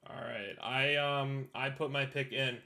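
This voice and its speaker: Bright-voiced young man hosting a live draft. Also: mid-range voice, fairly even intonation, a little slow, vocal fry. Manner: hesitant, many ums and uhs. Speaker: draft host and team owner. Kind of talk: live-stream esports draft commentary.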